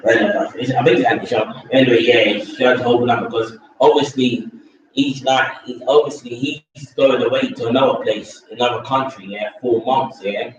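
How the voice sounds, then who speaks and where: A man's voice: medium pitch, steady tone, a little fast, heavy reverb. Opinionated male vlogger, rambling and blunt; distant, dull lo-fi sound. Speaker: vlogger reviewing a reality show. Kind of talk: casual opinionated chat.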